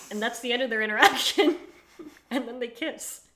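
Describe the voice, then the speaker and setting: A woman's voice: fairly high pitch, a bit bright. A young woman co-hosting a podcast in casual chat, joking and laughing as she riffs. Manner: playful, riffs with jokes and quick laughs. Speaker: podcast co-host.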